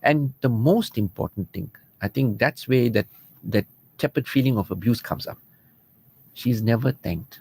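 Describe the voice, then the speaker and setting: An earnest man with a medium-pitched, darkish, slightly rough voice gives marriage advice on the radio, speaking a little slowly. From the studio he talks in an easy, conversational way and readily slips into the voices of quarreling spouses.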